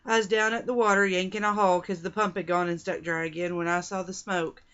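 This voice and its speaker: A woman's voice: fairly low pitch, level tone, a little fast, fairly bright tone, smooth, natural voice. A woman reading aloud as a young frontier cowgirl narrator, with a rural American Western drawl and a folksy, plainspoken manner. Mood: grim. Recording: dull lo-fi sound.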